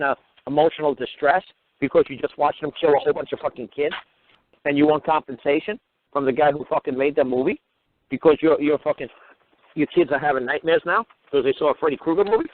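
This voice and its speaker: Man, profane radio rant, mocking, rapid-fire, fairly high voice, thin phone-line sound. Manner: crude, mocking, swearing constantly. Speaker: radio talk show host. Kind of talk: profane ranting monologue.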